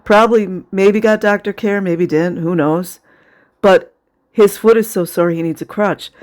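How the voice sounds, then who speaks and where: A commentator narrates footage in a casual vlog voice, cutting between biting sarcasm and open indignation. The voice sits at an ordinary middle pitch and often sounds near tears. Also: fairly even intonation, measured pace. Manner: emotional, close to tears. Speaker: video commentator.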